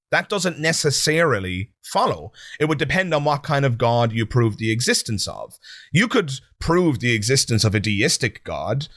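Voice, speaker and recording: A male podcast host talking through a rebuttal. His pitch rises and falls a great deal, and his tone turns sarcastic as he addresses the listener directly. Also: a bit bright, no echo, clean studio sound. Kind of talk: commentary on audio clips.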